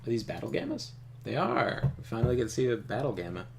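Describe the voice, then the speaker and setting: A man's voice: mid-range voice, sing-song, fast, gravelly, darkish tone, a little hiss or hum. A man hosting a let's play, reading the game's text aloud and making casual asides with the odd chuckle. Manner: casual, chuckling asides, trips over names. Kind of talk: reading game text and commenting while playing.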